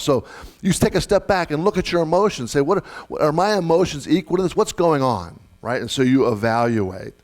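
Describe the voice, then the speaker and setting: A middle-aged man delivering a sermon as pastor, conversational, repeating key phrases and putting questions to the congregation. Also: fairly high pitch.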